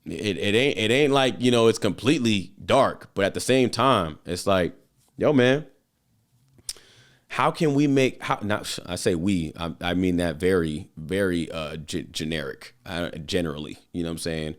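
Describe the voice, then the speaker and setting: A man's voice: deep voice, normal speed. A man hosting his own show, talking loosely and casually with lots of slang, fillers and swearing. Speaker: podcast host. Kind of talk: casual motivational monologue.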